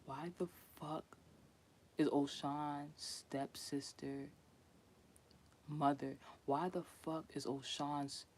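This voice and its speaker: A man telling a story in a casual vlog, chatty and profane, laughing often and restarting his sentences. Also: medium pitch. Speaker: vlogger.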